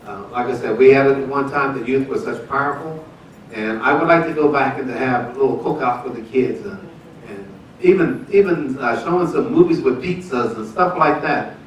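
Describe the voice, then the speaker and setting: A pastor in his seventies tells a folksy, laughing story about his marriage during a church service, part of a testimony and announcements. His mid-range voice moves at a moderate pace. He's captured from far off in an echoey church sanctuary, with a little hiss or hum.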